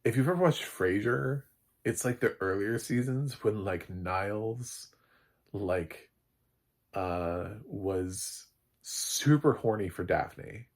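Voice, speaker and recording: A man giving a casual, rambling film recap, full of fillers and quick laughs. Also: fairly low pitch. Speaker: film reviewer.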